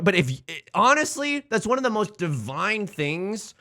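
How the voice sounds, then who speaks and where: A young man live-streaming a tile game, bantering with chat in a rambling, jokey way and swinging between shouts and mutters. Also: high-pitched, big pitch swings, unhurried, no echo, studio quality.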